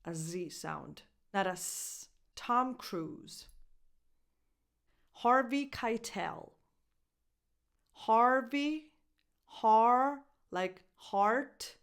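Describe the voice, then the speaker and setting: A woman coaching English pronunciation, repeating each word slowly and carefully and spelling out its sounds. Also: fairly high pitch, lively intonation, vocal fry, fairly bright tone. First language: Italian. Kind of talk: pronunciation lesson.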